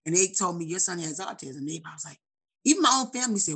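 A woman in her forties in casual chat, animated and preachy, laughing often, heard over a video call. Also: fairly low pitch, very fast, husky. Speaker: guest.

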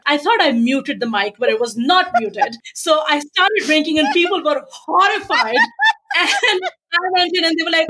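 A woman's voice: sits high, normal speed, a little hiss or hum, poor audio. A woman with a South Asian accent, telling stories as an interview guest in a brash, joking way. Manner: brash, joking, animated storyteller. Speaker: guest, business coach. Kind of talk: casual interview talk.

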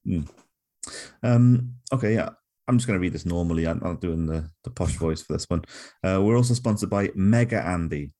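A young man with a fairly low voice co-hosts a laid-back comedy podcast. He delivers absurd sponsor reads flat and deadpan, as if they were perfectly normal. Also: moderate pace. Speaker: podcast co-host. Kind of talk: casual comedic podcast chat.

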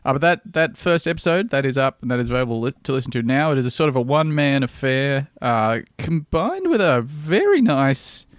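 A man's voice: mid-range voice, brisk, few pauses, no echo, studio quality. A man hosting a podcast, chatting casually and joking, swearing freely. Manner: animated, jokey, swears freely. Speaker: podcast host.

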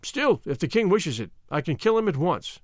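A man's voice: a little high, big pitch swings, normal speed, no echo, clean studio sound. A man voicing a loyal male warrior captain who addresses his king formally and deferentially. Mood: cheerful.

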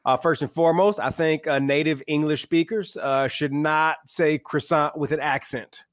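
A man in his thirties from Michigan, a guest and author, talking in a relaxed, wry, opinionated way. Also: fairly high pitch, moderate pace, no echo, studio quality. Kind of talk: casual chat.

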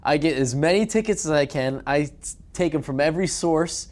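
A man's voice: a little high, animated, brisk, a little mellow. A man co-hosting a team podcast in casual chat, joking and bantering playfully. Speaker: podcast co-host.

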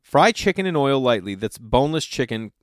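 A man's voice: medium pitch, big pitch swings, a little fast, no room sound, clean studio sound. A middle-aged man, chatting casually as a host and reading old recipes aloud with incredulous, swearing commentary. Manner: incredulous, exasperated riffing with swearing.

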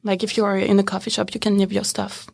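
A young woman with a French accent speaks in a relaxed interview, pausing often with "um" and "uh" as she searches for English words. Her voice has a noticeable gravelly fry. The sound is dry and close, with no room around it. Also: mid-range voice, dry recording. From France. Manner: hesitant, halting, laughs easily. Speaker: interview guest. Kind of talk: casual interview chat.

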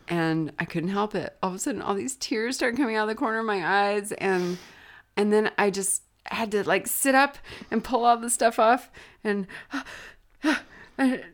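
A woman's voice: medium pitch, normal speed. A woman co-hosting a podcast, telling a rambling story in casual chat and laughing easily. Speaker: podcast co-host. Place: sitting on pillows on a bench.

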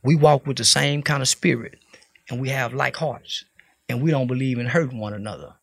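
A man's voice: mid-range voice, a little fast, vocal fry, no echo. A man from Fort Worth, giving an interview in blunt, profane, preachy street talk. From Fort Worth, Texas. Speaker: interview guest.

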